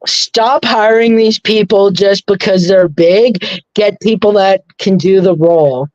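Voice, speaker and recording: A man's voice: sits high, unhurried, darkish tone, no room sound, highs cut off. A man chatting casually as podcast co-host, rambling through stories and quoting himself and others as he goes. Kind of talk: casual chat.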